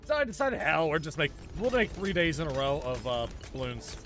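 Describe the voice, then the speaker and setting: A man's voice: on the high side, big pitch swings, a little fast, over music. A man streaming a game, chatting casually with viewers in a joking, sarcastic way. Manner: joking, sarcastic, talks to chat while playing. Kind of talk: casual gaming stream chat.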